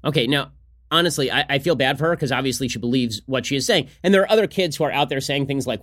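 A man hosting a political podcast, talking fast in a combative, sarcastic solo commentary. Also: mid-range voice, a bit bright.

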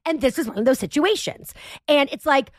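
A woman podcast host telling a comedic story in a profane, animated, self-mocking rant. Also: sits high, a little fast, no room sound, clean studio sound.

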